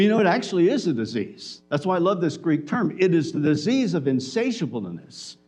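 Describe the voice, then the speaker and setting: High-voiced man preaching a sermon. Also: darkish tone. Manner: conversational preaching with acted-out dialogue. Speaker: pastor. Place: church.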